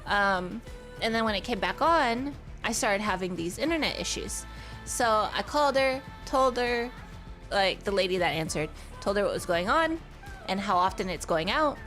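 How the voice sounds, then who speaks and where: A woman's voice: medium pitch, animated, normal speed, fairly bright tone, faint music behind. A woman streaming live in casual chat, greeting her viewers, laughing and swearing freely. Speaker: VTuber streamer.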